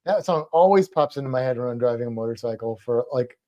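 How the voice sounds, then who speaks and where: Low, lively, playful woman. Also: fast, muffled recording. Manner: playful, making silly noises and baby talk to a pet. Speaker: livestream co-host. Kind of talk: casual livestream chat.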